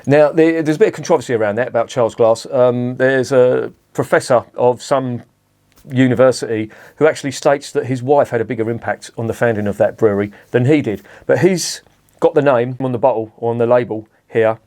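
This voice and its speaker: A middle-aged man talks through a beer review at a mid-range pitch. He rambles, restarts his sentences and drops swear words in as he goes. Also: a little fast, darkish tone. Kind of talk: casual rambling monologue.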